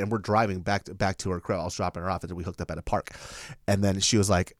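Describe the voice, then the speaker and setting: A man's voice: fast, no echo, studio quality. A man in his twenties, a podcast host and stand-up comic, telling a profane, laughing story in casual chat. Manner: animated, profane, laughing storyteller who jumps high in pitch for quoted voices.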